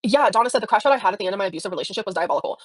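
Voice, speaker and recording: A woman's voice: mid-range voice, expressive, racing, no echo. A woman livestreaming, telling a personal story in a rambling, emotional way with many fillers. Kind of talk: casual livestream chat.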